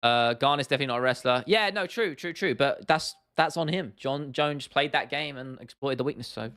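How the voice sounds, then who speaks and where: Southern English male host, young, bright crisp voice, chatty, laughs a lot. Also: medium pitch, brisk. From southern England. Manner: chatty, laughs often, repeats himself, addresses chat as bro and lad. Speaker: MMA livestream host. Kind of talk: casual livestream chat reading viewer comments.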